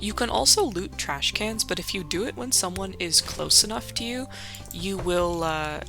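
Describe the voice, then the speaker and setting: Casual young woman with a gravelly bright voice. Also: mid-range voice, lively intonation, normal speed, faint music behind. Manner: rambling, profane, full of likes. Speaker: let's play host. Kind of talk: casual gaming commentary.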